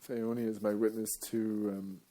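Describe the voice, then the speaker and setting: A man giving a rambling, jokey live talk to an audience, breaking now and then into loud playful chants. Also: fairly low pitch, little pitch movement, normal speed.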